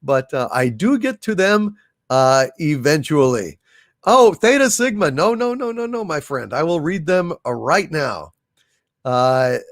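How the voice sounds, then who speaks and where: Slow, halting man reading donor messages. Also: a little high, no room sound, clean studio sound. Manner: slow, halting, warmly thankful, many fillers and restarts. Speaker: livestream host reading super chats. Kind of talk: casual livestream chat.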